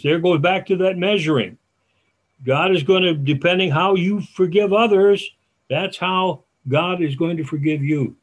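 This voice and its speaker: An older man preaching a sermon as a church elder, folksy and halting, with restarts and asides. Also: sits high.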